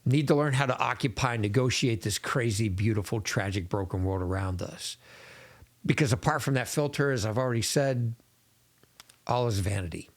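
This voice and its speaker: A man hosting a podcast, speaking in an earnest, measured, literary monologue. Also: mid-range voice. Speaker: podcast host.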